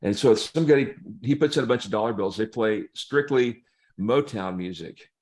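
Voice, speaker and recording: A man, a pastor, telling humorous stories in a relaxed chat, laughing as he acts out the people in them. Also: mid-range voice, moderate pace. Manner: humorous, laughing storyteller, acts out quoted voices. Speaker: pastor and guest. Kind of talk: casual storytelling chat.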